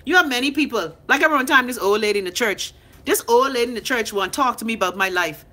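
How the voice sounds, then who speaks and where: Racing along at a fairly high pitch, a Bahamian live-stream host in her thirties reads comments from viewers. Her reactions form a blunt, profane, unfiltered rant, delivered with animation as she spars with commenters.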